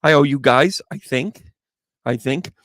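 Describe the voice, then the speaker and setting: A man's voice: medium pitch, unhurried, fairly bright tone, no room sound, studio quality. A man hosting a live tarot reading stream, chatting casually and playfully with viewers and rambling through jokey asides. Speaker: psychic medium and tarot reader, live stream host.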